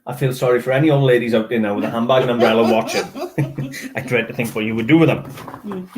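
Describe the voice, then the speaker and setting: A man's voice: mid-range voice, lively intonation, brisk, a crowd in the background. A man hosting a casual video, chatting through his antique finds and laughing often. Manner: chatty, laughs often, admits trouble reading dialect. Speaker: antiques dealer and channel host. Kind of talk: casual show-and-tell.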